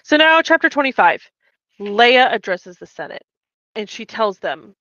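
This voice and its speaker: A woman co-hosts a relaxed book-discussion podcast, recounting scenes animatedly and slipping into the characters' lines. Her voice sits fairly high. The recording is dry and a little dull in tone. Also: a little slow, dry recording. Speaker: podcast co-host. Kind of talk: casual chat recapping a book.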